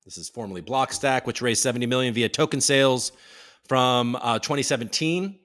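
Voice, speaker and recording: A man's voice: medium pitch, a little fast, a bit bright. A man hosting a casual livestream, reading news headlines aloud and tossing in joking asides. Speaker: host.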